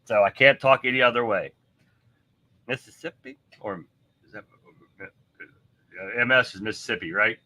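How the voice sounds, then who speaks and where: A man's voice: lowish voice, measured pace, pauses often, sharp tone. A man hosting a live stream, chatting off the cuff in a rambling, blunt way with some mild swearing. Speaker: livestream host. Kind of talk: casual live-stream chat.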